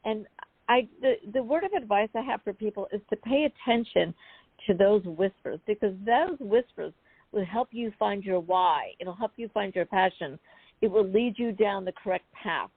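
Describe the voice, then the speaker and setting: A woman's voice: mid-range voice, moderate pace, husky, no room sound. Chatty woman storyteller on a phone line. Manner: chatty, animated storyteller with many asides. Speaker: guest, founder telling her story. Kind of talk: storytelling interview. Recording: phone-like dry call audio.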